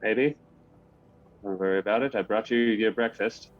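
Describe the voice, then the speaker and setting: A man's voice: fairly low pitch, normal speed, natural voice. A man voicing a timid, weepy male ship's cook who stammers and apologizes, on a lo-fi recording. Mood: nervous. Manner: stammering, apologetic, close to tears. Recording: lo-fi with faint noise.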